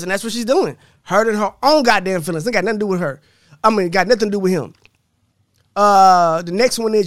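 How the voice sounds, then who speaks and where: Male podcast host, high voice, blunt and profane, dry close recording. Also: animated, fairly quick, fairly bright tone, dry recording. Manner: blunt, profane, laughs often. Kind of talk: casual chat reading comments.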